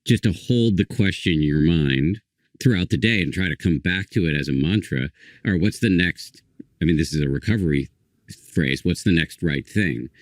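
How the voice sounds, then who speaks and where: A man with a very deep, low voice hosts an interview and reflects thoughtfully on what his guest has said. His manner is measured and calm. The recording is dry and close, with no room sound. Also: dry recording. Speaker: podcast host. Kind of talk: interview conversation.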